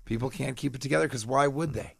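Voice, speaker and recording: A man's voice: mid-range voice, fast talker, creaky, fairly bright tone, no room sound, clean studio sound. A man guesting on a radio show, chatting in a rambling, self-mocking way and laughing easily. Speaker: guest comedian. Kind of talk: casual radio chat.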